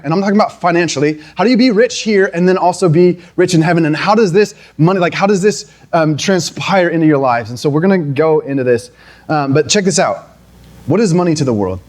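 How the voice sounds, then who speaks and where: A young pastor delivers a sermon in a loose, conversational manner, with frequent restarts. His voice sits a little higher than most men's, and it climbs into fervent, pleading runs when he presses a point. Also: darkish tone.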